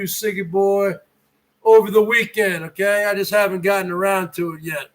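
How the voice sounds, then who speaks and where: A middle-aged man from northern New Jersey, ranting loudly and mockingly in a profane vlog monologue. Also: sits high. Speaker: vlogger.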